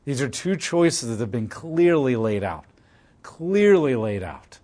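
A man's voice: medium pitch, big pitch swings, a little slow, dark tone. Casual-sounding man teaching scripture. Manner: reads scripture aloud, then paraphrases it in casual everyday terms. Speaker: Bible teacher. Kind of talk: verse-by-verse Bible teaching.

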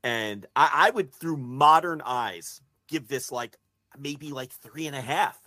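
A man's voice: mid-range voice, slow pace, sharp tone, no echo. A man hosting a casual podcast, wry and profane, steering the conversation. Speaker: podcast host.

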